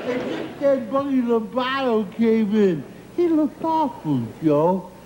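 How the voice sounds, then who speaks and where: A man's voice: extremely high pitch, animated, takes it slowly, reverberant, very noisy. A man in a comedy sketch telling rambling stories and breaking into giggles, recorded on old TV audio with audience laughter. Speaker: comic sidekick character.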